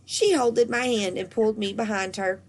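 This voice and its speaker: A woman reading a children's storybook aloud, lively and expressive. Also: medium pitch, normal speed.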